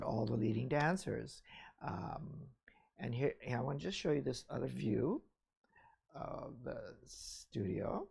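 Gravelly older man reminiscing casually. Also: mid-range voice. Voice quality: gravelly, husky. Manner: chatty, rambling, frequent "you know" and "all right?". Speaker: ballet teacher recounting his career. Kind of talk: casual memoir talk.

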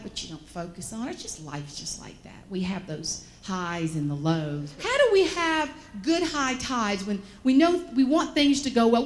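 A woman with a Southern American accent giving a humorous keynote, telling stories in an animated, folksy way. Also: mid-range voice, slight background noise. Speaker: motivational speaker.

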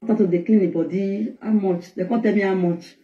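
A woman's voice: mid-range voice, fairly even intonation, brisk, reverberant, lo-fi sound. A woman with a Nigerian Pidgin accent telling a personal family story in an emotional, rambling way, heard in a replayed video clip. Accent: Nigerian Pidgin English.

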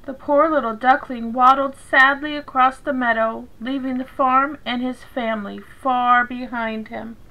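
Slow, bright-voiced woman reading a storybook. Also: high-pitched, slight background noise, poor audio. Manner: gentle, expressive storytelling. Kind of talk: reading a picture book aloud to children.

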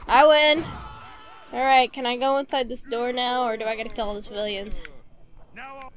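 A woman's voice: a little high, steady tone, fast. A woman hosting a let's play, giving casual gameplay commentary and talking back to the game, repeating her pleas and commands over and over.

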